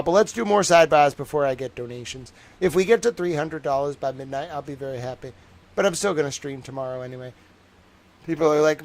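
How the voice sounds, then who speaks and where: A young man with a Boston accent chatting casually on his livestream, rambling and joking, with lots of filler words. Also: on the high side. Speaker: livestream host.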